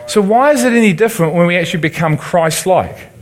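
A man's voice: sits high, animated, fast talker. Liverpudlian man preaching to his congregation. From Liverpool, England. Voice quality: conversational, asks the room for agreement. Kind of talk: sermon teaching.

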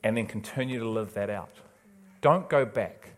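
A man preaching a sermon in a church, passionate and emphatic, swinging between loud urgent calls and quiet pleading. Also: lowish voice, moderate pace.

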